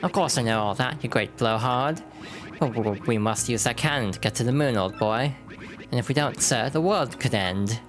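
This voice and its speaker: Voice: mid-range voice, normal speed, faint music behind, close to an everyday voice. A streamer voicing an indignant, pompous old bomb-creature sailor who says sir and old boy.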